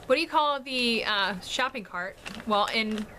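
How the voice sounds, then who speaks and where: Woman, 30s, from the DC area, family vlogger. Bright, slightly high voice, chatty and laughing often. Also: expressive, measured pace, slight background noise. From Washington DC and Maryland area. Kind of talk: casual chat to camera.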